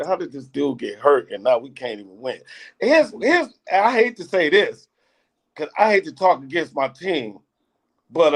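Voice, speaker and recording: A man co-hosting a casual sports podcast, teasing the others and pausing often with filler sounds. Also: a little high. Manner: hesitant, many uh fillers, teasing. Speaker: podcast co-host. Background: kids playing in the room.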